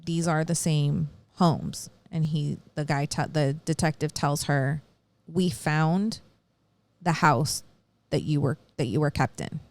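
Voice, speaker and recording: A woman's voice: low-pitched, takes it slowly. A woman co-hosting a podcast, casually retelling a true-crime story, acting out quotes and swearing freely. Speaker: podcast co-host.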